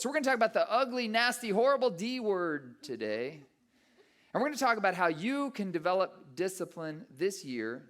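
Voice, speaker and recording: A middle-aged man preaching a sermon, telling stories and acting out his own thoughts with lively shifts of voice. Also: a little high. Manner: animated storytelling, acting out his own inner voice. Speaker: pastor.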